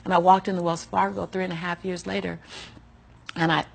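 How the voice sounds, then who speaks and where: A woman's voice: on the low side, little pitch movement, a little fast, creaky. A middle-aged woman telling her life story as an interview guest, emphatic and preacherly, often breaking into laughter. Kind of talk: animated personal storytelling.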